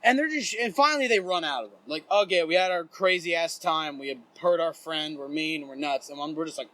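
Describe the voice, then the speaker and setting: A young man hosting a podcast, telling a wild story in a casual, profane, animated way and shouting out the quotes. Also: fairly high pitch, brisk, hardly any pauses. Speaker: podcast co-host. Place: indoors, rain outside.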